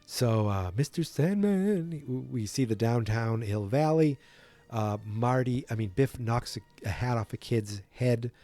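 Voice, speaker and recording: A man hosts a podcast and casually retells a film from memory, rambling, correcting himself and yawning. His voice has a mellow, dark tone, recorded close and dry. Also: medium pitch, expressive, a little slow, no room sound. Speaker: podcast host.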